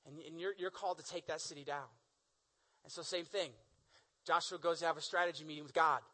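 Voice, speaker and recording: A man preaching a sermon, retelling the stories in animated, casual language full of slang. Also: on the high side, brisk, poor audio. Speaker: pastor.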